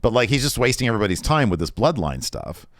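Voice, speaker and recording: A man co-hosting a wrestling podcast, retelling the show in a lively, casual way and slipping into quoted voices. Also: mid-range voice, no room sound, clean studio sound. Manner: animated retelling, quoting wrestlers in quick shifts of voice. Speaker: podcast co-host. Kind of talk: casual wrestling recap chat.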